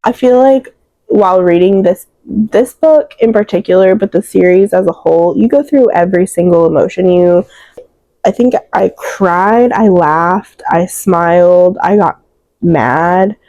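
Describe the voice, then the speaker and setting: A young woman with a low, mellow voice talks through her reading list in a loose, rambling way, full of fillers. She sounds emotional, close to tears, and the sound is dry and close. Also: unhurried, no echo, dull audio. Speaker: book reviewer. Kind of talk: casual book wrap-up chat.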